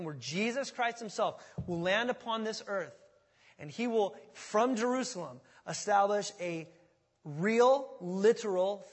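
High-voiced pastor preaching in a reverberant hall. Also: male voice. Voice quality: conversational, asks the congregation questions. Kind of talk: sermon.

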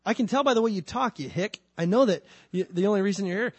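A man's voice: high voice, fast talker, husky, voice pushed up. A man voicing a mocking male accuser who stammers out his taunts. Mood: taunting.

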